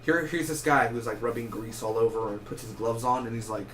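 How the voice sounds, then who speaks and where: Here a young man talks about a film in an offhand, meandering way, often backtracking to correct himself. His pitch is medium and his delivery animated, full of quick side comments, with a bit of background noise present.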